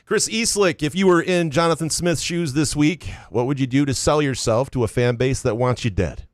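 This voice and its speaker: A man's voice: mid-range voice, normal speed, dry recording, studio quality. A man co-hosting a sports podcast, reading listener questions aloud with a joking edge. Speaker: podcast co-host. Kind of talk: casual sports chat.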